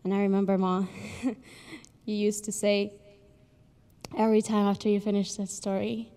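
A young woman giving an emotional graduation speech, telling a story earnestly with pauses, recorded in a large ceremony hall with long reverb. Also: mid-range voice, flat delivery. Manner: earnest, pausing, with soft laughs. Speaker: graduation speaker.

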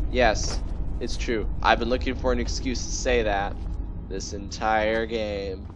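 In an unhurried, flat delivery, a man with a voice on the low side jokes his way through a casual gameplay session and slips into silly voices. The clip carries background noise along with game music.

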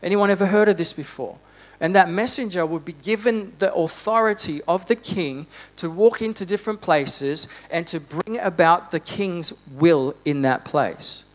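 A man preaching a sermon in a church, fervent, rising to loud exhortation and dropping to quiet reflection. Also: high voice, normal speed, few pauses. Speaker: pastor.

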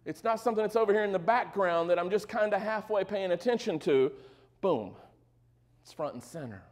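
A man's voice: sits high, expressive, a little fast, darkish tone. A male pastor preaching a sermon in a conversational way, with joking asides and frequent questions to the congregation.

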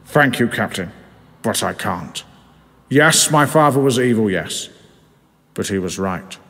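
A man's voice: fairly low pitch, animated, a little slow, gravelly, fairly bright tone, in a large hall, exaggerated voice. A man voicing a solemn young man who confesses he was born of the fish, in a story reading.

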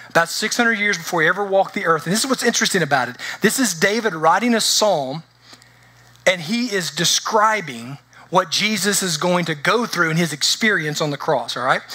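Bright-voiced man preaching a sermon. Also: high voice. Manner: conversational preaching, checks in with the congregation. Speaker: pastor. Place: church.

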